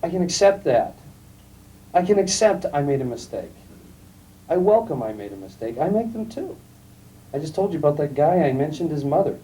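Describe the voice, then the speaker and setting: Calm-voiced man lecturing, dark distant tape. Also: on the high side, normal speed, long pauses. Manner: calm, storytelling, emphatic asides. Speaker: guest lecturer. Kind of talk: classroom lecture with anecdotes. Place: lecture room. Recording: distant mic, faint room noise, archival tape.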